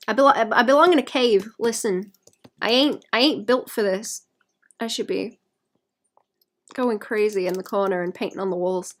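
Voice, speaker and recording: A woman's voice: fairly high pitch, a little slow, pauses often. A woman artist talking to her stream chat while painting, sweary and self-mocking, often muttering and whispering to herself. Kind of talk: live-stream chat with viewers.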